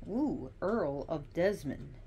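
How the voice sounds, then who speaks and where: Lively, slow-talking woman teacher. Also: low voice, slight background noise. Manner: chatty, digressive, with sassy asides. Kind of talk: casual teaching monologue.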